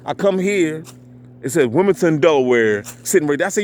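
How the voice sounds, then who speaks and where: A man's voice: a little high, lively intonation, brisk, a little mellow, slight background noise. A man talking outdoors in a rambling, profane monologue, heavy on street slang and "you know what I'm saying.". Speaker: vlogger. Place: outdoors at a park parking area.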